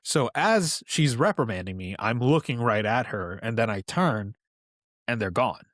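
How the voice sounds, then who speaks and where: A man in his thirties from New York, a podcast guest telling personal stories in a relaxed, conversational way with asides. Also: mid-range voice, measured pace, no room sound, clean studio sound. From New York, USA. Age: 30s. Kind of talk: casual storytelling.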